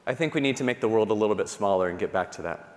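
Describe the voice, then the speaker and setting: A man giving a keynote talk, telling personal stories in an animated, self-deprecating way and acting out the people he quotes. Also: lowish voice, rapid-fire. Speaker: conference speaker. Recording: long hall reverb.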